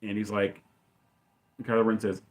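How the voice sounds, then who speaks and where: A man in casual commentary, rambling and enthusiastic as he retells a movie scene and acts out lines in quick voices. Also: on the low side, completely flat delivery. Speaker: podcast host.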